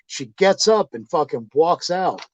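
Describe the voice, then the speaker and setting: A man's voice: fairly high pitch, lively intonation, a little slow. A man telling rambling, profane anecdotes in casual chat, laughing as he goes. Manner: rambling, swearing, laughing storyteller. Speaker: storytelling guest. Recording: dull lo-fi dry sound.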